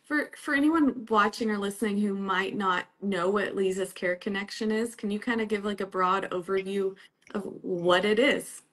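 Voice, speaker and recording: A woman's voice: mid-range voice, normal speed, fairly bright tone. A woman interviewing a guest on a live video call, asking questions in a friendly, encouraging way. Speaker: interviewer, dementia care educator. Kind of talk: Instagram live conversation.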